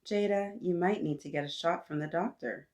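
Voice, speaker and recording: A woman's voice: on the low side, normal speed, darkish tone, lightly acted. A woman voicing a firm but kindly woman who raises the children, in a put-on Jamaican accent. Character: firm caring Jamaican woman raising the kids.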